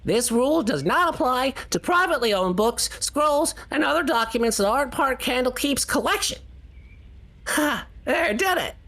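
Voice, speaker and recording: A woman's voice: high-pitched, expressive, moderate pace, a bit bright, exaggerated voice. A woman playing a flustered teenage tiefling boy. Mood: eager. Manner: stammering, eager, gushing. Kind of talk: tabletop role-play.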